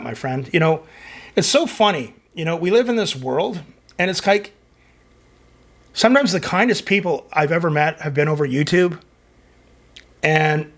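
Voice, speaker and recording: With a fairly high pitch and a breathy edge, this middle-aged man from Canada runs a music reaction channel. He reads out viewer comments in a loose, rambling chat packed with fillers.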